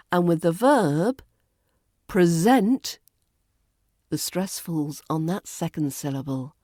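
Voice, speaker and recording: Slow, deliberate British RP woman coach. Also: on the low side, warm tone, dry recording, clean studio sound. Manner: deliberate, stretches out example words. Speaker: accent coach. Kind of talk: podcast pronunciation lesson.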